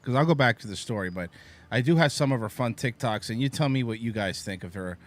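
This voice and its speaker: A man's voice: medium pitch, animated, quick pace. A man hosting a podcast in casual chat, wry and mocking as he reads donations and sets up clips. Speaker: podcast host.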